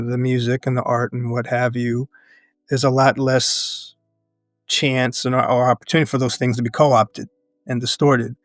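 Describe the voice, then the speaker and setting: An earnest man speaking as an interview guest, his voice sitting at a middle pitch for a man. He thinks aloud in measured, restarting phrases and breaks into laughter often. The sound is dry and close, with faint music under it. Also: no room sound. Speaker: podcast guest, educator and activist. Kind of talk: reflective interview conversation.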